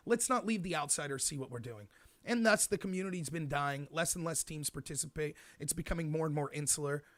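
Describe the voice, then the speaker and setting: A man hosting his own show, delivering an animated commentary monologue full of mock quotes. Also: a little high, no room sound. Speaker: host.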